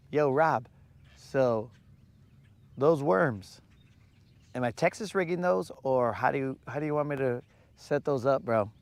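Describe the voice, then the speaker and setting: A man's voice: mid-range voice, slow pace, long pauses, dry recording. A man chatting casually and joking with slang while fishing from a boat on a lake. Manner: laid-back, slangy, joking. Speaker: fishing vlogger.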